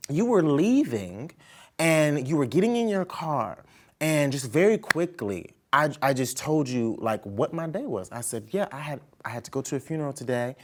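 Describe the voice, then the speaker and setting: A young woman host, telling a story in an animated, laughing way. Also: deep voice, normal speed. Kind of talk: casual interview chat.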